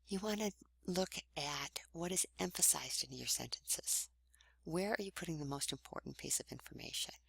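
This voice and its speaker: A writing instructor delivers a recorded online lecture in a conversational, explanatory style, often trailing off into breathy endings. Her voice sits low yet has a fairly bright tone, expressive at a moderate pace, with no echo.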